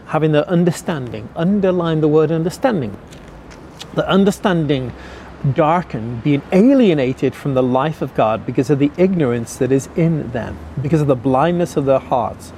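A middle-aged man, preaching a sermon earnestly and slowing down to stress key words. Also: fairly high pitch, dark tone, a little hiss or hum. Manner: earnest, repeats key phrases slowly for emphasis. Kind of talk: sermon teaching.

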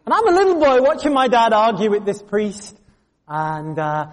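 Male pastor, high voice, storytelling sermon with humor, long hall reverb. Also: moderate pace. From England. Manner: storytelling with bursts of humor, animated asides.

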